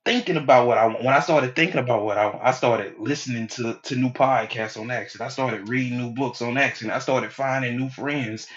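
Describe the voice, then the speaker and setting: A man's voice: medium pitch, a little fast, hardly any pauses, dull audio. A middle-aged man giving a casual, preachy motivational talk as a hypnotherapist, acting out quoted people as he goes.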